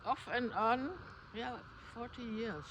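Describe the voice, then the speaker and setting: An older woman from Germany with a German accent, chatting casually outdoors in her yard and speaking haltingly, with many restarts. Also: fairly high pitch, steady tone, a bit bright, rough recording. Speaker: interviewee, homeowner.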